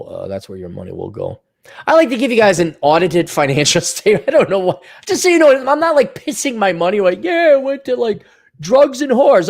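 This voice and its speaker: A man's voice: fairly high pitch, gravelly. Sarcastic, ranting male podcast host. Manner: mocking put-on voices in asides. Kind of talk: solo podcast rant reading listener donations.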